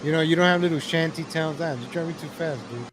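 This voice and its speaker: A man ranting in exasperation as he comments on videos for his viewers, calling them ladies and gentlemen. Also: on the high side, quick pace, loud music behind the voice.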